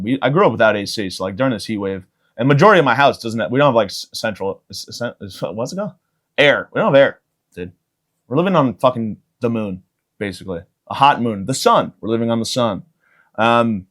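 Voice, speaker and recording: A young man hosting a podcast, rambling through a crude comedic monologue with jokey asides and bursts of mock outrage. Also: lowish voice. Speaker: podcast host.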